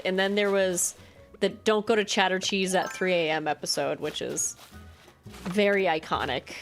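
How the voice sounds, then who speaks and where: A woman streamer chatting casually while playing a game, excitable and full of "like" and quick reactions. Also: fairly low pitch. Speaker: live streamer.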